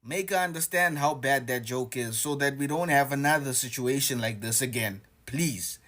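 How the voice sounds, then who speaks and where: A man comments calmly on a reaction clip and makes a sincere appeal to his listeners. His voice sits at a middle pitch. The delivery is measured and plain. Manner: calm, pleading.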